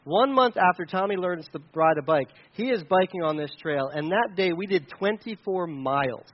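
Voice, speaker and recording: A man, a pastor, preaching a sermon and telling a personal story in an animated way, with many restarts. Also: high voice, normal speed, muffled recording.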